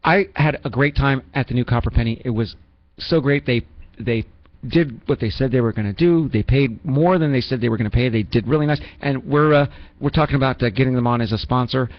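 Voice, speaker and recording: A man's voice: medium pitch, a little fast, no echo. Rambling, teasing radio host man. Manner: rambling, teasing, self-mocking jokes. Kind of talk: joking call-in radio banter. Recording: dull lo-fi radio recording with faint music.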